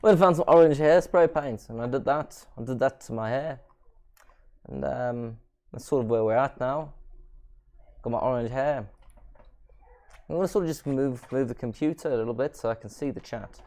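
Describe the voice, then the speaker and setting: A man's voice: medium pitch, moderate pace, pauses often, a little mellow. A man with a South African accent hosting a casual gaming stream, rambling and self-mocking. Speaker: stream host.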